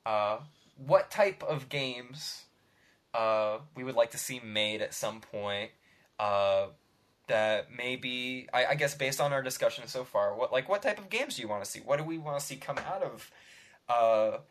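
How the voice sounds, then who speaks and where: Man, podcast host, middle pitch, casual rambling talk, laughs often. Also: animated, measured pace, fairly bright tone. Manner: rambling, laughs between phrases. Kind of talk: casual chat.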